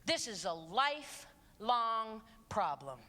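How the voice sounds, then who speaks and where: Middle-aged woman, stage speaker, sharp bright voice, sarcastic and emphatic, long hall echo. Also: on the high side, big pitch swings, slow pace. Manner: emphatic and sarcastic, swinging between hushed and shouted. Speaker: speaker addressing students and parents. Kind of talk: live motivational talk. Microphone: handheld stage mic.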